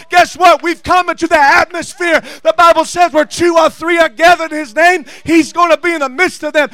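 A pastor with a notably high male voice delivers a sermon, reading scripture softly before building to loud, shouted praise. The sound is dry and close, with no room echo.

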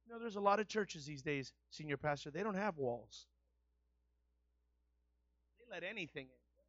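A man with a very high voice preaches a sermon in a folksy, conversational way and builds into loud, repeated exhortations. The sound is dry and close, with a dull, muffled tone. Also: no echo. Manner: builds to loud, repetitive call-and-response preaching.

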